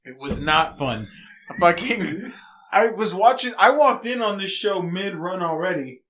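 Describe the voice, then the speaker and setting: A man's voice: high-pitched, expressive, unhurried, a bit bright, slight background noise. A man telling a story in a casual podcast chat, laid-back and slangy with plenty of swearing. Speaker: podcast co-host.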